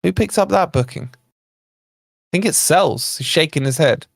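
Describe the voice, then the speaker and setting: High-voiced excitable football fan commentator. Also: male voice, unhurried, creaky, dry recording, studio quality. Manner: excitable, bursts into shouts at chances then calms; chatty asides to viewers in the chat. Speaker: fan channel watch-along host. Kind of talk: live match watch-along commentary.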